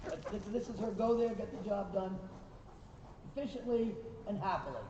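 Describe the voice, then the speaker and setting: A man with a high, mellow voice teaches a riding lesson, praising the horses and calling corrections to the riders. He sounds distant in a reverberant arena. The recording is dull and slightly noisy. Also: moderate pace. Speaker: riding instructor. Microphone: recorder far from the speaker.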